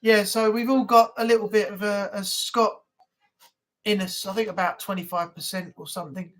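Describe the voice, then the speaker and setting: A man's voice: high-pitched, steady tone, moderate pace, fairly bright tone. Chatty man on a live stream. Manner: rambling, chatty, laughs easily. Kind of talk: casual chat.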